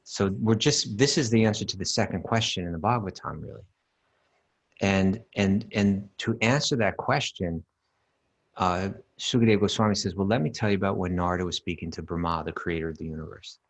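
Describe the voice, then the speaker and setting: Deep-voiced man teaching scripture emphatically. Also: brisk. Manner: emphatic, repeats words, chants Sanskrit verses. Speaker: podcast co-host teaching scripture. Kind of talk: casual teaching talk.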